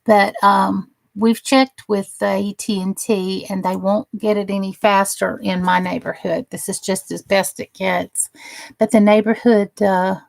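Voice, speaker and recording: A woman's voice: medium pitch, flat delivery, a little slow, gravelly, dry recording. A woman hosting a casual crafting live stream, chatting with viewers and gushing over the crafts she shows. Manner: gushing and admiring, chatty asides.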